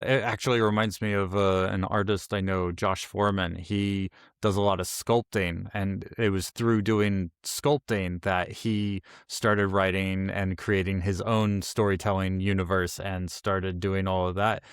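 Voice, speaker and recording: A smooth, resonant man with a lowish voice hosts a casual interview. He agrees readily with his guest and winds his way into long, loose questions, recorded close and dry. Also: little pitch movement, unhurried, few pauses, dry recording. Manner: affirming, rambling questions. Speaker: podcast host.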